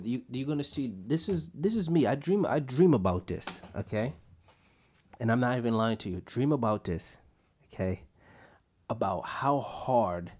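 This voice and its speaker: A young adult man hosting a podcast, telling profane jokey stories in a loose casual rant. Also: dark tone. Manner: loose, profane, jokey storytelling with sudden pitch jumps. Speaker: podcast host.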